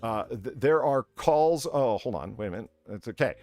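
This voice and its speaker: A man's voice: mid-range voice, lively intonation, moderate pace, a little mellow, soft background music. A man co-hosting a comedy podcast, reading odd local news in a mock-formal way, stumbling over words and laughing. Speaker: podcast co-host.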